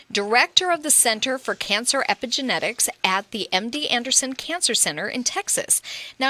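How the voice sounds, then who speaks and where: A woman's voice: fairly high pitch, pushed and bright, no echo. A woman hosting a medical talk radio show, affirming her guests with frequent "mm-hmm" and "right".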